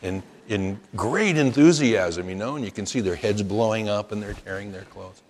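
A man's voice: on the low side, moderate pace, big-room sound, slight background noise. A man preaching a sermon as pastor, rising into emphatic chanted quotes.

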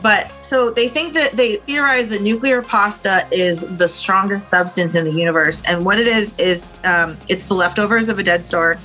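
Brief: woman podcast co-host, bright tone, chatty and loose, filler-heavy. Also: mid-range voice, steady tone, moderate pace, few pauses, soft background music, poor audio. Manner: rambling, filler-heavy explaining. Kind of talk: casual chat.

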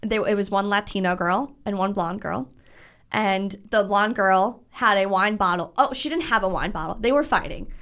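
Animated rambling woman co-host. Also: mid-range voice, moderate pace. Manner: animated, rambling storytelling with many restarts. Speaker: podcast co-host. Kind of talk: casual chat.

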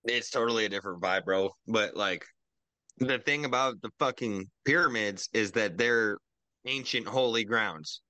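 A young man co-hosting a podcast over a video call, ranting and swearing in casual chat, jumping into loud mocking quotes. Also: lowish voice, moderate pace, no room sound. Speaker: podcast co-host.

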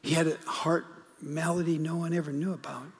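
Man, middle-aged, guest preacher, gravelly, urgent then hushed, long church reverb, faint background hiss. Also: on the high side, flat delivery, fairly quick. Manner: storytelling, swinging from urgent to hushed whispers. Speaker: guest pastor. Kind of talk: sermon. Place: church sanctuary.

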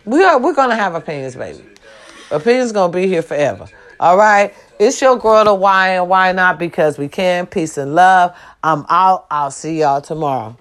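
A woman's voice: on the low side, lively intonation, moderate pace. Blunt, slangy woman vlogger giving advice. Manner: blunt, preachy, slangy and emphatic. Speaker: vlog host. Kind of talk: casual direct-to-camera advice talk.

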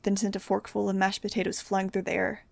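A woman's voice: medium pitch, brisk, vocal fry, no room sound, clean studio sound. Young woman reading an audiobook. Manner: steady, plain first-person storytelling. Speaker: audiobook reader. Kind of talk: amateur audiobook narration.

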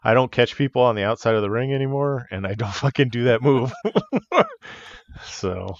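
Talking at a normal speed in an expressive mid-range voice, a wrestler co-hosting a podcast shares locker-room stories. He keeps it casual, laughs a lot, and swears freely, though the audio is dull and muffled.

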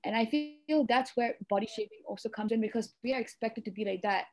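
A young Malaysian woman hosts a casual podcast, her English carrying a Eurasian-tinged accent. Her voice is a little high and fairly quick, and she talks earnestly in long runs sprinkled with many "you know"s.

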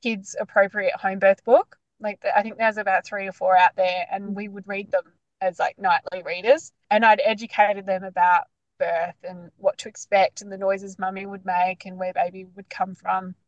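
A woman's voice: medium pitch, normal speed, hardly any pauses, dry recording, dull audio. A woman, casually telling a long personal story full of "like" fillers. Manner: chatty, animated, lots of "like" fillers. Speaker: guest sharing her birth story.

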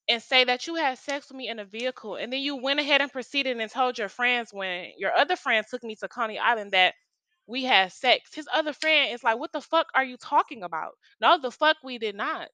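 A woman's voice: a little high, sharp tone, dry recording. A woman in her twenties tells a story to her viewers, heated and profane, talking straight at them. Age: 20s. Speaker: vlogger telling a story. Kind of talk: casual storytime rant.

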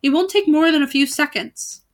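A woman voicing a fussy, bossy wizard father in a storybook read aloud, talking in a hurried way. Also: high-pitched, pitched above the performer's own voice, close to an everyday voice. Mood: frantic.

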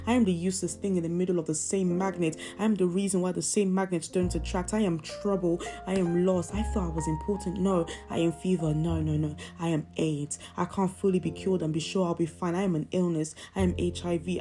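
A woman's voice: lowish voice, dark tone. A young woman hosting a poetry podcast, reciting her own spoken word poems with intense emotion. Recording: music playing behind.

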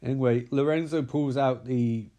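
A man's voice: medium pitch, fairly even intonation, normal speed, warm tone. A man giving a sarcastic, profane, rambling comedic recap of a movie. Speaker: movie reviewer.

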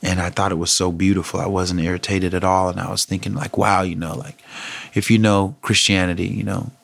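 A man's voice: sits low, level tone, a little fast, creaky, fairly bright tone. A middle-aged man vlogging, telling a personal story in a candid, conversational and thoughtful way.

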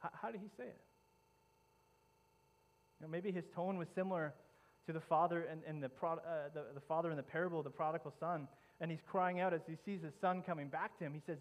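Brief: male pastor, vivid dramatic storytelling sermon, somewhat high voice, lots of restarts. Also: steady tone, quick pace, poor audio.

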